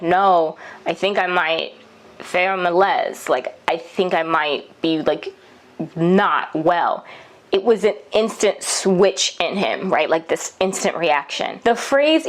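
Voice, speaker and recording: Chatty woman vlogger telling a story. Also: fairly low pitch. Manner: chatty, full of fillers and laughs, emotional retelling. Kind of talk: casual storytelling to camera. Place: Paris.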